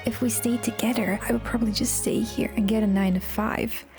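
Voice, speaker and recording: A woman's voice: a little high, steady tone, brisk. Young female voice-over from Croatia, reflective, candid, music bed. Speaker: vlogger. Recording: music clearly behind the voice.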